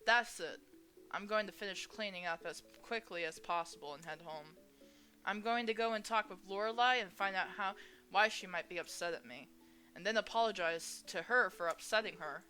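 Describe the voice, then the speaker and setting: A woman's voice: mid-range voice, normal speed, sharp tone, faint music behind, close to an everyday voice. A woman reading a fretful, self-blaming protagonist. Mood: worried. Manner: fretful inner monologue. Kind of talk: voicing a visual novel aloud.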